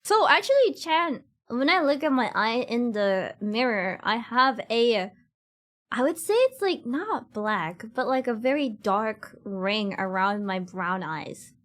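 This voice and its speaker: A young woman cosplay streamer rambles and giggles as she chats casually with her viewers, using many fillers and talking straight to chat. Her voice is on the high side, very animated, and she takes it slowly.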